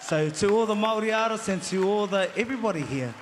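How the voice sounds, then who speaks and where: A man's voice: high voice, animated, moderate pace. A man with a New Zealand accent giving a rambling, playful acceptance speech, often laughing. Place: concert hall stage. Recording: large echoing hall with crowd noise.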